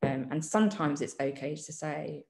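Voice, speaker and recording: A woman journalist answering interview questions in a thoughtful way, often pausing with ums and restarting her sentences. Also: low-pitched, vocal fry, a little mellow, reverberant. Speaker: journalist guest. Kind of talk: reflective conversational interview.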